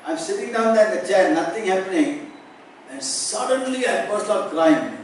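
A man speaking at a youth retreat, telling a personal story with animated delivery and acting out the dialogue. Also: high voice, moderate pace. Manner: animated, acts out dialogue with rising intensity. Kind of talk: emotional personal storytelling talk. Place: large indoor retreat hall. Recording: very echoey hall, mic far off, faint noise.

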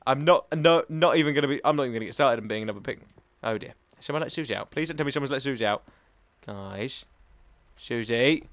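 A young man giving let's play commentary, self-mocking with sudden excited outbursts. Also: medium pitch, fairly quick, no echo. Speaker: gaming channel host. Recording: faint game music behind.

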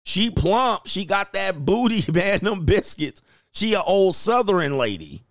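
This is a man running his own stream and reacting out loud to videos as they play. His voice sits a little high and swings widely in pitch as he rants, jokes and breaks into laughter. The sound is dry and close, with no room echo. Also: big pitch swings, creaky. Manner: slangy, ranting, quick to laugh. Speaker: livestream host. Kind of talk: casual reaction commentary.

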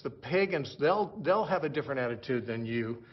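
A man teaching through a book of the Bible verse by verse, explaining slowly and repeating words as he restarts his sentences. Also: medium pitch, animated, husky. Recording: dull lo-fi recording.

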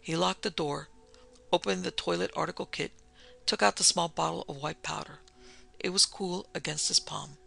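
A woman narrating a classic mystery podcast with steady, measured delivery. Her voice is gravelly with fry and sharply bright in tone. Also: lowish voice. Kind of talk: scripted narration of a vintage mystery.

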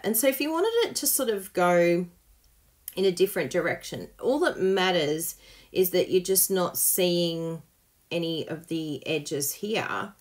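A woman's voice: on the low side, measured pace. A woman hosting a live papercraft tutorial, chatty and self-mocking, laughing often and gushing over her work as she demonstrates.

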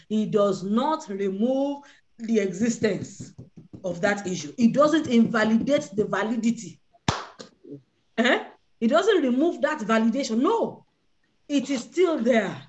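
Woman preaching in a high, animated voice. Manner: animated, acts out the voices of Bible figures. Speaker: prayer leader. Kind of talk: sermon on a prayer line.

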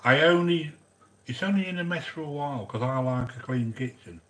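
This cooking channel host talks a little fast in a fairly high-pitched male voice. Chatting casually through his vlog, he rambles, cracks jokes, and says hello to viewers by name.

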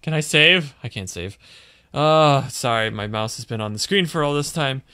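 A man's voice: mid-range voice, animated, moderate pace, pushed and bright, clean tone. A man playing a video game and commenting as he goes, growing exasperated and grumbling about the controls. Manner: frustrated, exasperated, muttering complaints. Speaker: gaming channel host. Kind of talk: let's play commentary.

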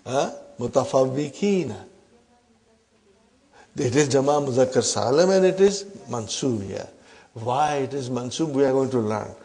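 This man teaches Arabic grammar, firing questions at the class, prodding with a short "huh?" and calling everyone brothers and sisters. He speaks in a mid-range, mellow voice with lively intonation.

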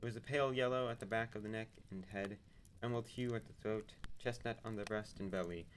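A man reading a novel aloud on a live stream, unhurried, with small slips and restarts. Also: fairly low pitch, slight background noise, poor audio. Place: home streaming setup.

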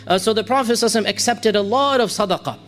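A man's voice: high-pitched, rapid-fire, fairly bright tone, faint music behind. A man giving a religious lecture in a storytelling manner, quoting the people in his tale and reciting passages in Arabic. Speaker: Islamic preacher.

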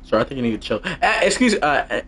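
A young man streaming a racing game live, commentating excitedly from a home setup. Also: mid-range voice, fast, a little hiss or hum. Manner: excitable, shouting and laughing during races. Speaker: gaming streamer.

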